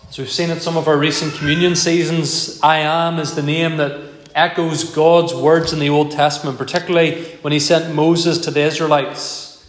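A male pastor preaching a sermon in a measured, emphatic way, repeating key phrases. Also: a little high, level tone. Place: church. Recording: echoey church hall, long reverb.

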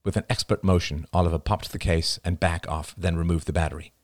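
A man narrating a novel as an audiobook, in an expressive storytelling manner. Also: deep voice, fast talker, dry recording, studio quality.

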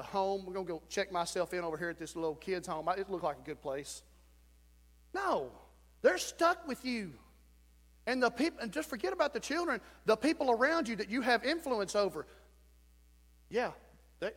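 High-voiced pastor, echoing sanctuary. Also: male voice. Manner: folksy, animated preaching with sudden shouts. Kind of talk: sermon. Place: church sanctuary. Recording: church sanctuary with long reverb.

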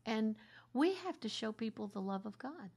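Middle-aged woman minister, gravelly, earnest testimony, drops to a hush at emotional points. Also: fairly high pitch, animated, normal speed. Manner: earnest, sinks into a soft half-whisper at tender points. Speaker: minister sharing her story. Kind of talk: heartfelt conversational testimony.

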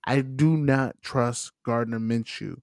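Podcast co-host, man, mid-pitched, dry close sound, joking trash talk. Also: takes it slowly, creaky, a little mellow, no room sound. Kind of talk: casual sports chat.

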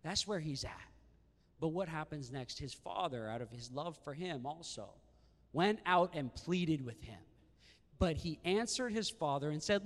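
In a reverberant church sanctuary, a man preaches a sermon in a slightly high, slightly slow voice. He's animated, poses rhetorical questions to the room and acts out the brothers' lines from the story.

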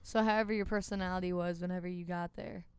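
A woman's voice: fairly low pitch, steady tone, fast, clean tone, no echo. A teenage girl co-hosting a school podcast, teasing the others and asking them questions. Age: teens. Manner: teasing, asks questions, laughs a lot. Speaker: podcast co-host. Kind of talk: casual chat. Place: school classroom studio.

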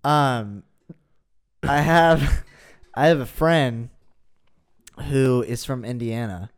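A man co-hosting a podcast who chimes in with wry, deadpan and sarcastic quips during casual banter. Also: medium pitch, extremely slow, clean tone.

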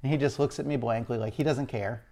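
A man from Illinois telling a personal story in an animated, exasperated way. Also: medium pitch, quick pace. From Illinois, USA. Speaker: speaker.

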